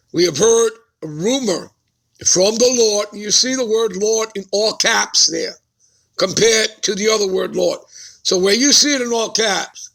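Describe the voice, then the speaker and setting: A man's voice: high-pitched, creaky, pushed and bright. A man preaching a Bible-study sermon who keeps putting rhetorical questions to his listeners and checking in with them.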